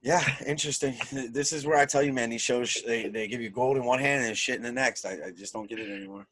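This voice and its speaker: A man's voice: mid-range voice, quick pace, a bit bright, no room sound. A man co-hosting a wrestling podcast in casual chat, enthusiastic and peppering his talk with "man" and "dude". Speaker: podcast co-host.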